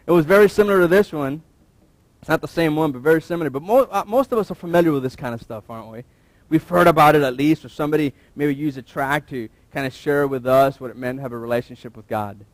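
A man in his thirties preaching in a loose, storytelling way, his voice sitting a little higher than most men's. He stumbles and restarts with easy fillers and throws rhetorical questions at the congregation. The sound is close and dry, with almost no room around it. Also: fast talker, no room sound. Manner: self-deprecating, asks listeners rhetorical questions. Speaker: pastor. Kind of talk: conversational sermon with personal story.

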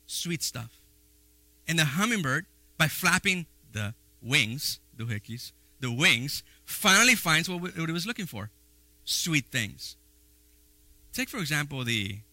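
A man preaching a sermon in a folksy, animated way, with playful asides and frequent restarts. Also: a little high, no echo. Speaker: pastor.

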